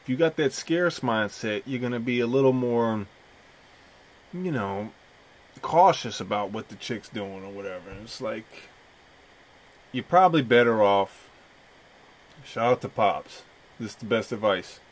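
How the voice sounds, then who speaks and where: A man's voice: medium pitch, expressive, a little slow, pauses often. A man hosting a podcast in a casual, joking, profane way. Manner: laid-back, profane, joking. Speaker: podcast host.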